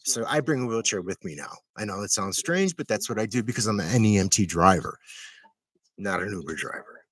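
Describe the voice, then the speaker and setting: A man's voice: on the low side, lively intonation, fairly quick, breathy edge, no echo. A middle-aged man telling a long personal story in a casual, earnest, rambling way, full of fillers and tag questions. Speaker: medical transport driver. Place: at home.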